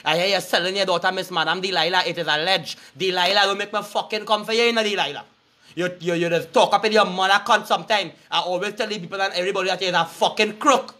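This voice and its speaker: A man's voice: sits high, steady tone, quick pace, sharp tone. A man with a Trinidadian accent delivering an angry, cursing, threatening street rant to his viewers. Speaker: online commentator.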